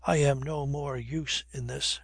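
A man voicing a reckless, flippant young gentleman adventurer in a husky voice. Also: medium pitch, fairly even intonation, measured pace, dry recording, studio quality. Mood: wry.

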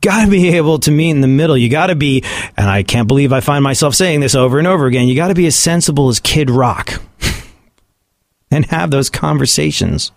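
A man's voice: fairly high pitch, brisk, vocal fry, no room sound, clean studio sound. A man giving sarcastic comedic commentary on the news and often laughing at his own points.

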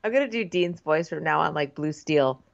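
A woman's voice: sits low, expressive, normal speed, vocal fry. A woman co-hosting a casual chat, wry and teasing, quoting people in mock voices. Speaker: podcast co-host. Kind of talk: casual chat recapping a reality show. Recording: dull lo-fi sound.

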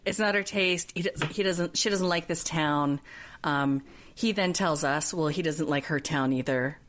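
A woman co-hosting a podcast, casually recapping a reality show in animated retellings and quoting people in put-on voices. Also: deep voice, normal speed, slight background noise. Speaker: podcast co-host.

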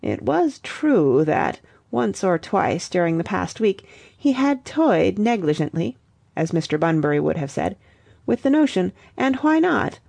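A woman's voice: on the low side, big pitch swings, measured pace, vocal fry, mellow, no room sound. Woman reading a story, dry close sound. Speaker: audiobook reader. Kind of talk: scripted narration.

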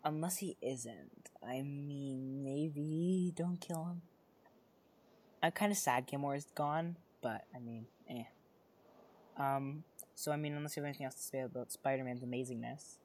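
Podcast co-host, casual chat, excitable, rambling, lots of fillers and restarts. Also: mid-range voice, moderate pace, slightly rough.

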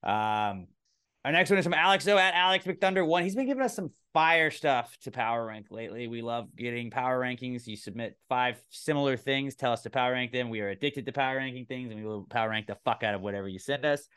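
A man's voice: mid-range voice, quick pace, a bit bright, clear, resonant tone. A man hosting a casual comedy podcast, talking in a loose, rambling way and swearing now and then. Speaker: podcast host.

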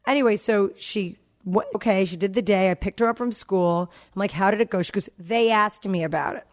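Woman host, 40s, casual storyteller, acts out family dialogue, mid pitch. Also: brisk. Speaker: podcast host. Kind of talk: casual chat.

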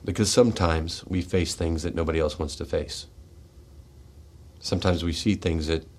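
A low-voiced man hosts a radio show and speaks straight from the gut. He is tearful and his voice shakes. He swings between forceful bursts and hushed, heavy words in a raw, confessional monologue. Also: steady tone, normal speed, a little hiss or hum. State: tearful and shaky. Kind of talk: emotional personal monologue. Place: radio studio.

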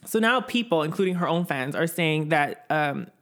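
A woman's voice: deep voice, animated, moderate pace. Sarcastic, profane woman co-host. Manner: sarcastic and profane, laughs often. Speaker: podcast co-host. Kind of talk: casual chat.

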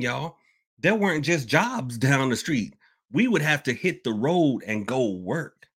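A man's voice: a little high, fairly bright tone. A man hosting a casual podcast, rambling, repeating himself and calling his listeners y'all. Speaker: podcast host and hoodoo worker. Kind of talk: casual open-topic podcast talk.

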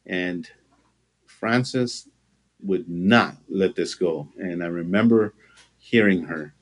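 A man giving an earnest personal testimony in an interview, halting and full of fillers. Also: low voice, slightly rough. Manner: halting, with frequent fillers and restarts; earnest, with occasional laughter. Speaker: interview guest.

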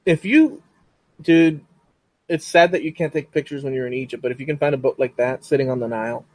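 A man's voice: medium pitch, fairly quick, darkish tone, no room sound. A man hosting a podcast in casual chat, rambling and often saying frickin'. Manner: rambling, says frickin' a lot. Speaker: podcast host.

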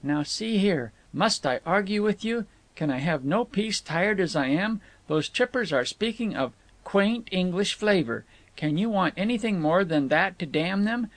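Moody young woman, bossy and fretful, pitched up high and gravelly, the way a guy reading a book puts her on. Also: expressive, measured pace, hardly any pauses, no room sound. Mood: scornful. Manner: haughty and fretful, scolding. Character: moody, petulant young woman, tired traveler.

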